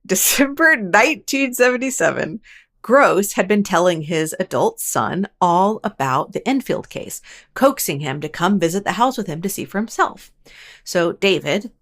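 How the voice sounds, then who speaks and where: A woman hosting a paranormal storytelling show, narrating casually and chattily with wry asides and quick self-corrections. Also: lowish voice. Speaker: host of a paranormal storytelling channel.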